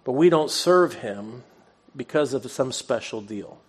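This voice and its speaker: A man preaching in a relaxed, conversational storytelling way, at an ordinary middle pitch for a man. He stays earnest and personal, and he pokes fun at himself now and then. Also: measured pace, husky. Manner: self-deprecating humor. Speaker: pastor. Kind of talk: sermon.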